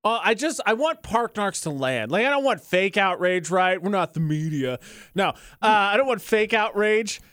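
A man's voice: sits high, animated, moderate pace, a bit bright, clear, resonant tone, dry recording, studio quality. A man co-hosting a radio show, telling stories in a casual, sarcastic way with mock outrage.

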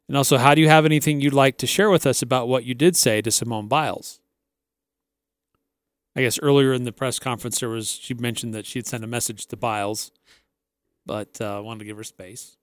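A man's voice: medium pitch, clear, resonant tone, no room sound, clean studio sound. A man co-hosting a sports talk radio show, chatting casually and recounting stories. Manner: relaxed, conversational, recounting stories.

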